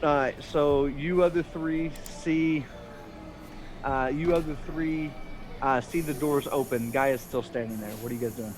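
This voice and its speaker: A man's voice: fairly high pitch, a little slow, over music, poor audio. A man narrating a tabletop game as game master, rambling and correcting himself as he goes.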